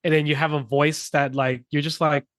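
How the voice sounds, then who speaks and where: A rambling podcast host, a man with a fairly high voice, talking loosely through his points with a lot of filler. His sound is dry and close to the mic. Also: little pitch movement, moderate pace, fairly bright tone, dry recording. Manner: rambling, heavy on fillers and restarts. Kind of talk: casual chat.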